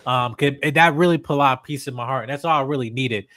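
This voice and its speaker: A man's voice: medium pitch, fast talker, dry recording. A man, a guest on a live stream, chatting casually about a movie trailer with lots of fillers and laughs. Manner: animated, laughing, many fillers. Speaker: guest panelist.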